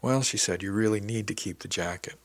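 A man's voice: lowish voice, brisk, close to an everyday voice. A man reading a shy young woman. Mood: earnest.

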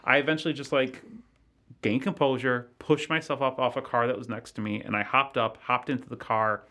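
Guy on a podcast telling his story, kinda halting, restarts a lot, bright clear voice, mid pitch. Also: steady tone. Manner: halting, restarts often, earnest. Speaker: podcast guest. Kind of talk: casual storytelling.

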